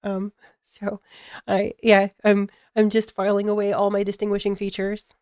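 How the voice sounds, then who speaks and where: A woman with a general American accent chatting casually on a stream, halting often with fillers and laughing easily. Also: mid-range voice, completely flat delivery, darkish tone, smooth, dry recording, studio quality.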